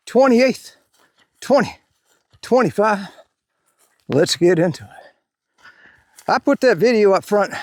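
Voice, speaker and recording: A man's voice: high-pitched, no echo, studio quality. A middle-aged man hosting his own commentary channel, talking bluntly and profanely in a rambling way with lots of "uh"s, outdoors on a hike.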